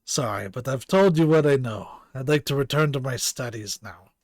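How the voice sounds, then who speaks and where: A man's voice: mid-range voice, normal speed, darkish tone, no room sound, studio quality, natural voice. A man voicing a cold, dismissive male scientist in a fake, hammy German-ish accent, clipped and curt.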